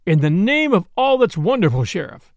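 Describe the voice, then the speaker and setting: A man's voice: sits high, sing-song, moderate pace, creaky, no echo, exaggerated voice. A man doing a blustering, bewildered governor. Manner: exclaiming, blustering.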